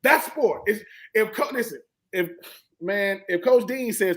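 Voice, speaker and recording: A man's voice: sits high, normal speed, a bit bright, rough recording. A middle-aged man, a former college football player and panel guest, telling emphatic stories about coaching and acting out what coaches and players said. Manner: emphatic, preachy, acts out quotes of coaches and players. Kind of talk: animated sports talk, storytelling.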